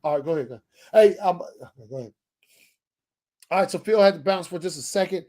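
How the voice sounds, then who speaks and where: A man with a notably high speaking voice hosts a casual stream. He rambles, restarts sentences and swears freely, talking from a home setup. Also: fairly quick, warm tone. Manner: loose, profane, rambling with many restarts. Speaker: podcast host. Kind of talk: casual chat.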